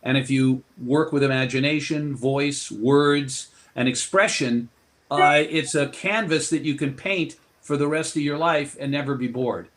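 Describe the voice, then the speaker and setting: A male author talking as a guest on an interview show. His voice sits in a middle register, and he spins out anecdotes and advice in a relaxed, expansive manner. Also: mid-range voice, measured pace, slight background noise. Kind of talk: interview storytelling.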